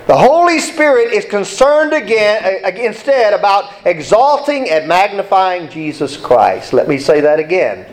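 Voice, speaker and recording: A man's voice: sits high, animated, unhurried, hardly any pauses, rough recording. A male pastor preaching an emphatic sermon, repeating key points and asking the congregation to read along.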